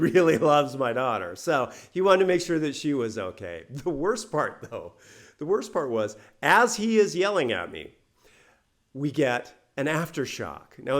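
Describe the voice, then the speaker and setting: A middle-aged man casually telling a personal story to English learners, chatty and laughing between phrases. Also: mid-range voice.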